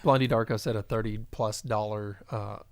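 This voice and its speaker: A man's voice: lowish voice, steady tone, normal speed, no room sound. A man co-hosting a casual live talk show, who chats easily and reads out comments from viewers. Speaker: podcast co-host. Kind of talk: casual chat.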